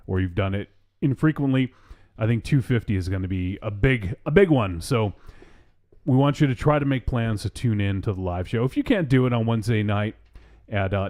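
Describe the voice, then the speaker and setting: A man's voice: fairly low pitch, a little mellow. A man in his forties hosting a live podcast, chatting casually and laughing often. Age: 40s. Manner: laughs often, reads chat comments aloud. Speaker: podcast host. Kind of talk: casual live-show banter.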